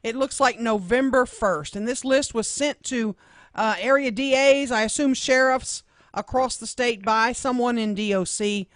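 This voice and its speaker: A woman's voice: on the high side, a little slow, no echo. A woman hosts a morning radio show from a dry, close-miked studio. She asks direct, pressing questions. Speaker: radio talk show host. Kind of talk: radio interview.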